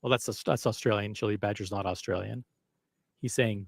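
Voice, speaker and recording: A man's voice: lowish voice, normal speed, creaky, no echo, studio quality. A man hosting a casual live stream, rambling and self-deprecating as he chats with viewers. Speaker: livestream host.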